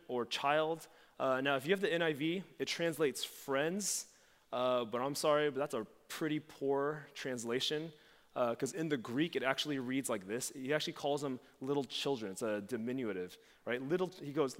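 A man preaching a conversational sermon as a pastor, acting out quoted lines with sudden jumps in pitch. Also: moderate pace, fairly bright tone. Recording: long hall reverb.

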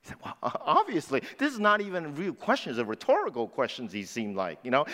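A man in his sixties preaching a sermon as pastor, swinging between loud emphatic lines and low, quiet asides. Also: big pitch swings, fast. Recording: long hall reverb.

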